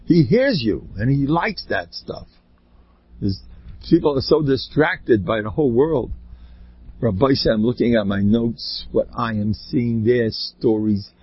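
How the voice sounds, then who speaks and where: A man giving an informal Torah talk, joking and swinging his pitch up and down, with Yiddish and Hebrew words mixed into his English. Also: slightly rough. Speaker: religious speaker. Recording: dull lo-fi dry recording.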